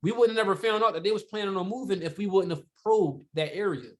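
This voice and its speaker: A man teaching sales technique in a relaxed, conversational way, often checking in with rhetorical questions and filler words. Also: sits high, fast. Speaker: sales trainer. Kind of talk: casual sales training talk.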